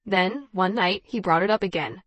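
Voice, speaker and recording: A woman narrating a dramatized first-person story in an even, measured reading voice. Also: mid-range voice, no room sound.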